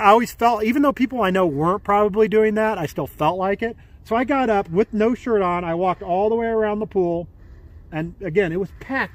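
A man's voice: high-pitched, dry recording. A man in his forties telling a personal story to camera outdoors by a pool, rambling with many fillers and restarts. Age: 40s. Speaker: vlogger.

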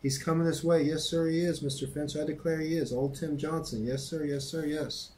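A man reading a novel aloud, voicing an anxious, forceful older woman housekeeper in urgent, emphatic bursts. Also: mid-range voice, steady tone, fairly quick, slight background noise, lightly acted, low-quality recording.

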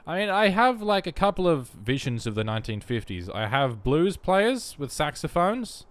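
A man's voice: a little high, big pitch swings, moderate pace, dry recording. A young man giving wry, self-mocking commentary while playing a life-simulation game. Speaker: let's play host. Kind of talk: casual gameplay commentary.

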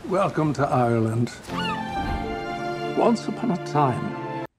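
Older farmer father, storyteller, lively pitch, film trailer sound with music. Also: takes it slowly. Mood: storytelling. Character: older farmer father narrating his family's tale.

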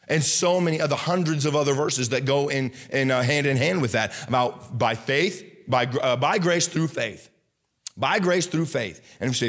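Fervent Midwestern American man preaching. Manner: excitable, swings between low earnest talk and loud fervent bursts; halting, many restarts and fillers. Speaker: pastor. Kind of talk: sermon.

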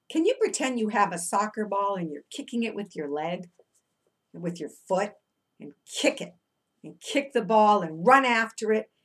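A middle-aged woman teacher reading a picture book aloud to young children, chanting refrains and asking coaxing questions. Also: a little high.

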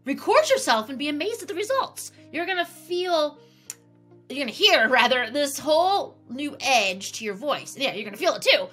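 A woman singing teacher giving an upbeat, encouraging vocal lesson with sung warm-up exercises over piano. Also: sits high, very animated, normal speed. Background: piano accompaniment.

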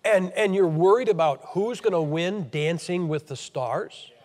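A man's voice: high voice, measured pace, darkish tone, big-room sound. An American man from Ohio preaching a blunt, emphatic, scolding sermon to a church meeting. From Ohio, USA.

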